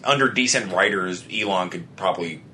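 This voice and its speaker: A man's voice: low-pitched, fairly quick, bright, forceful tone, a little hiss or hum. A man co-hosting a casual podcast chat, swearing often and laughing a lot. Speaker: podcast co-host.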